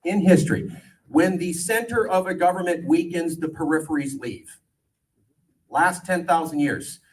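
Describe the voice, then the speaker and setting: A man in his forties from California giving an animated, joking political speech to a crowd, with a sarcastic edge. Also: on the high side, normal speed. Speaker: political campaigner speaking to a crowd. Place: event gathering. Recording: voice distant from the mic.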